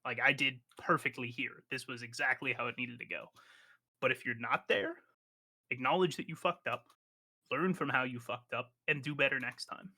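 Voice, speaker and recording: A man's voice: mid-range voice, fairly even intonation, moderate pace, bright, forceful tone. A man streamer chatting on a live stream, blunt and profane, giving advice in a lecturing way. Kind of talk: casual live-stream chat.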